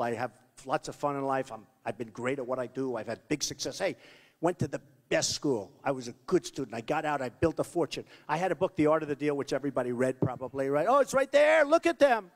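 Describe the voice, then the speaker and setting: A man giving a rambling, boastful campaign rally speech that repeats itself, at a podium microphone in a large venue. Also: on the high side. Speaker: political candidate. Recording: long reverb of a large hall.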